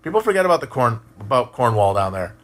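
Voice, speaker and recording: A man casually talking on a live stream and answering chat, musing out loud, swearing now and then, with frequent restarts. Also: medium pitch, big pitch swings, quick pace. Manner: rambling, musing, profane, many restarts.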